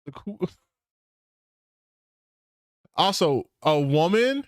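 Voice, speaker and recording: Sarcastic, animated man streaming. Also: fairly high pitch, drawn-out words, dry recording, studio quality. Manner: sarcastic, incredulous, repeats himself for emphasis. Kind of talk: casual reaction commentary.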